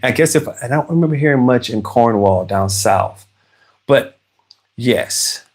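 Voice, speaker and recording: A man's voice: mid-range voice, animated, unhurried. A man from Arkansas with a Southern American accent, casually chatting on a live stream while crafting, rambling with frequent restarts. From Arkansas, USA. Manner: rambling, conversational, with many restarts. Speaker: livestream host. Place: home, crafting.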